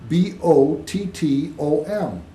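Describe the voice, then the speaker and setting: A man's voice: a little high, animated, takes it slowly, warm tone. A man being interviewed, explaining patiently like a teacher and spelling words out letter by letter. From United States. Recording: echoey room with faint background hiss.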